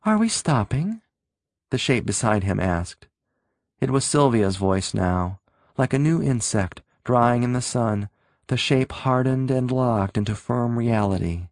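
A man narrating a story in a steady, measured reading voice. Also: medium pitch, no echo, clean studio sound. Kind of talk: audiobook narration.

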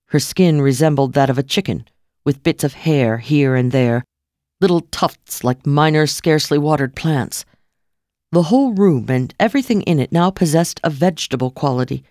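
A woman's voice: low voice, a little mellow, no echo. A woman reading a first-person novel aloud in a dry, wry narrating manner. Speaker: audiobook narrator. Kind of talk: scripted narration.

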